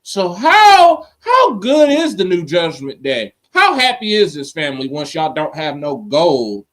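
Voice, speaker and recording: A man co-hosting a casual wrestling podcast, talking in a slangy, animated way and acting out quotes. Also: a little high, measured pace. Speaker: podcast co-host.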